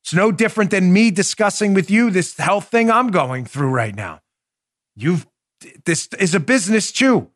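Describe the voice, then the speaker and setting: A man's voice: sits high, animated, normal speed, fairly bright tone, dry recording, studio quality. A man hosting a political commentary podcast, talking emphatically and with indignation, addressing his listeners directly. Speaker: podcast host.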